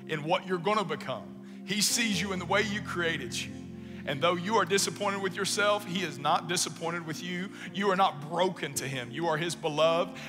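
Pastor, male, storytelling sermon, slightly high voice, long church reverb with music under. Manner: storytelling, swinging from hushed to emphatic. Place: church sanctuary. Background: soft music.

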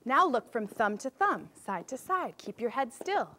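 A woman music teacher leading a children's music lesson, upbeat as she guides the class through movement warm-ups. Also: on the high side, big pitch swings, a little slow, slight background noise.

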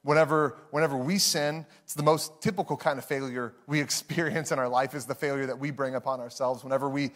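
A man's voice: medium pitch, fairly even intonation, quick pace, few pauses, fairly bright tone. A man, preaching a sermon in a conversational, self-deprecating storytelling way to a live congregation. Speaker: pastor.

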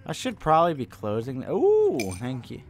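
A young gaming channel host provides horror game let's play commentary, jumpy and swearing as he pleads with the monsters and jokes at them. His mid-range voice is expressive and quick, with slight background noise.

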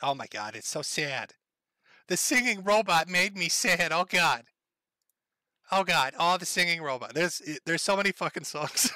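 A man's voice: fairly high pitch, bright, forceful tone, dry recording. A man with a Minnesota accent hosting a livestream, rambling casually with profanity and laughing asides. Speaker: livestream host.

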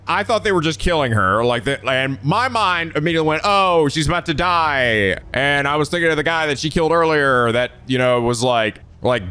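A man hosting a let's play, recapping the story in excitable, jokey, swear-filled commentary with sudden shouts. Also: medium pitch. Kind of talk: energetic gameplay commentary.

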